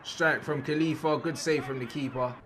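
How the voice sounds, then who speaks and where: Excitable young man. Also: on the high side, moderate pace, noisy background. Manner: excitable, breaks into loud outbursts at big moments; slangy, repeats words and phrases. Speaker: youtuber reacting to football footage. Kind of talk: casual reaction commentary.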